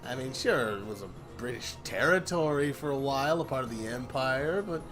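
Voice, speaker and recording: A man's voice: medium pitch, animated, normal speed, over music. A man co-hosting a live stream, chatting casually in a loose, rambling way and laughing often. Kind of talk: casual group chat.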